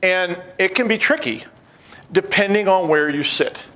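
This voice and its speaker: A middle-aged man giving a conference talk, an animated storyteller who acts out the people he quotes and drops wry joking asides. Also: high voice, unhurried. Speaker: conference speaker.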